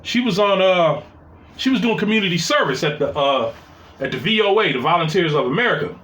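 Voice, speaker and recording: Male storyteller, 40s; profane and rambling, animated delivery, roomy echo. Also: high-pitched, a little fast. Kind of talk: casual personal storytelling. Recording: echoey room.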